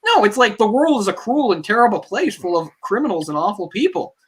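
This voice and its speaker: A man co-hosting a casual movie discussion podcast, a singer with a tenor voice, talking in a rambling, animated way full of fillers. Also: sits high, fairly quick, slightly rough. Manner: rambling, animated, heavy use of "like"; tenor speaking voice from a trained singer. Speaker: podcast co-host. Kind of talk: casual film discussion chat.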